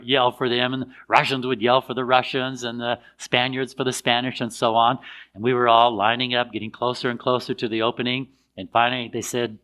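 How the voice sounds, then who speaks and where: An older American man telling a personal story in a casual, lively way, acting out the voices of other people. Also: medium pitch. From United States. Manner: animated, acts out voices of others in his anecdotes.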